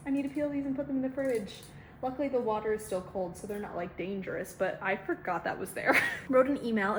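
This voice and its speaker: A young woman chatting casually to her phone camera in a home kitchen, her voice sitting a little high. She talks in quick, scattered bursts and keeps exclaiming as she goes. A faint hum of room noise sits under the recording. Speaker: vlogger. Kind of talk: casual vlog chat. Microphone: handheld phone camera.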